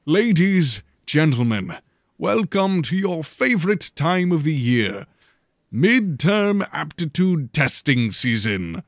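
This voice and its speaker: A man's voice: a little high, very animated, slow pace, no echo, clean studio sound, pitched above the performer's own voice, full character voice. A man playing a grand academy head giving a theatrical address to students. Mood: declaiming. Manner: declaiming, theatrical.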